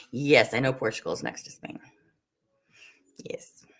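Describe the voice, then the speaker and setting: A woman's voice: very deep voice, a bit bright, slightly rough. A woman from the Northeastern United States hosting a livestream, chatting casually with viewers in a rambling way, full of "like" and "um". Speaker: livestream host. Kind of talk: casual chat while cooking, answering viewer comments.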